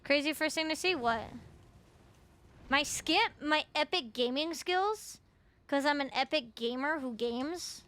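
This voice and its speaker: A woman's voice: high-pitched, a little slow, fairly bright tone. A young Canadian woman chatting casually with viewers while gaming, full of fillers and swearing. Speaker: streamer. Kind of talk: casual live-stream chat while gaming.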